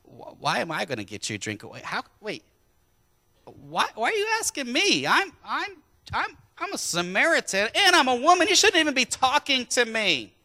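A man putting on a flustered young Samaritan woman from a Bible story, her voice pushed up high and bright. She stammers and answers in casual, incredulous slang. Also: expressive, normal speed.

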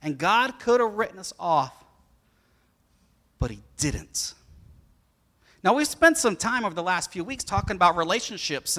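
A man preaching a sermon, telling a story about his son and acting out the boy's lines with energy. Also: high-pitched. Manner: animated storyteller who acts out his son's lines. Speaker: pastor.

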